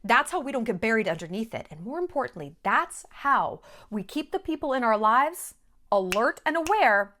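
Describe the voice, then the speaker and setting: A woman vlogger talks straight to camera with a fairly high voice that swoops up and down a great deal. She is blunt and emphatic, swears without a second thought, and drives each point home with short, punchy repeats. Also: big pitch swings, moderate pace, pushed and bright, slight background noise. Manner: blunt, emphatic and freely profane. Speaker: vlogger host. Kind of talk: direct-to-camera monologue.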